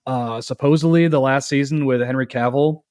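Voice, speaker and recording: A man co-hosting a podcast in casual chat, earnest and hesitant, with frequent pauses to find his words. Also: medium pitch, steady tone, darkish tone, no room sound, clean studio sound. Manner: hesitant, many ums and uhs, earnest. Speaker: podcast co-host.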